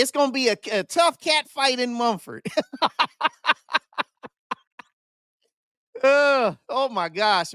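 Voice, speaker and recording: A man's voice: sits high, pushed and bright, dry recording. Male sports livestream host: emphatic, chatty, repeats himself, close dry mic. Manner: emphatic and conversational, repeats points for stress; addresses viewers directly. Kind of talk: live-streamed sports commentary, reading the chat.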